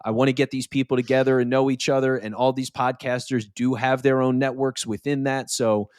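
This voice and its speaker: Male podcast guest, energetic and conversational, mid-pitched, dry studio sound. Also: brisk, smooth, no echo. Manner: energetic, conversational, repeats words as he starts phrases. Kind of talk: casual conversational interview.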